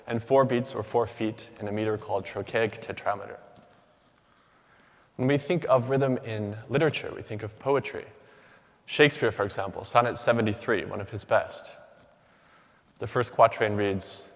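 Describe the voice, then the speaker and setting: A young man delivers a prepared academic lecture in a fairly low voice, pacing his words in measured, rhythmic phrases. His voice carries the long reverb of a large lecture hall. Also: gravelly. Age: young adult. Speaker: PhD candidate giving a symposium talk.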